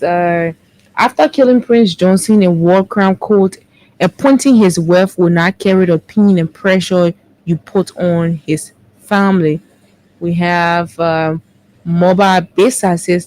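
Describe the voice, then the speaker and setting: A woman, co-hosting a morning show and briskly reading out viewer comments, correcting herself as she goes. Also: lowish voice, darkish tone, rough recording. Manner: brisk, with quick self-corrections.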